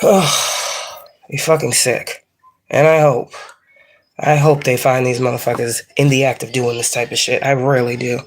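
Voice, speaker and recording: A woman's voice: very deep voice, a little hiss or hum. A woman giving a casual tarot reading and ranting at viewers in a blunt, heavily profane, scolding way. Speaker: psychic tarot reader. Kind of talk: casual spiritual reading rant.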